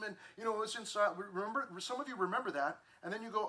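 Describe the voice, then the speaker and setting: This man walks a youth group through a Bible passage in a relaxed, chatty style, often restarting and filling gaps, even mimicking social media voices. He sounds high and animated, talking fast with hardly a pause and a sharp edge to his tone.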